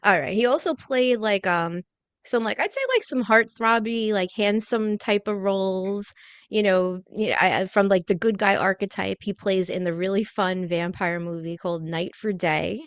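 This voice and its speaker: A woman's voice: medium pitch, normal speed, smooth, no echo. A woman hosting a radio interview, chatty and enthusiastic, with frequent "like" fillers, in a radio studio. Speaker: radio show host. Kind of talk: casual interview chat.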